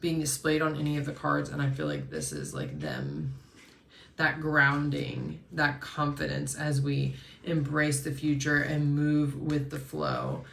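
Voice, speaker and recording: A woman hosting a collective card reading, talking in a soft, flowing spiritual way with frequent fillers and restarts. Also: low-pitched, a little slow, vocal fry, echoey room, recorded from a distance. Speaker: host and intuitive card reader.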